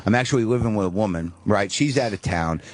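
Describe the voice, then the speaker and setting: A man's voice: fairly low pitch, fast, slight background noise. A middle-aged man who is a guest comedian, telling a rambling, self-deprecating story in a radio studio, full of restarts. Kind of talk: casual storytelling. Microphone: studio microphone.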